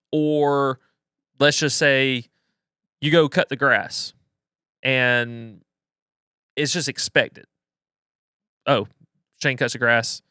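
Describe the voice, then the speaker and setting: A man co-hosting a podcast, talking through his points in a reflective, measured way with frequent restarts. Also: mid-range voice, bright, forceful tone, smooth, no room sound, clean studio sound. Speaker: podcast co-host. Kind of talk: casual conversational podcast.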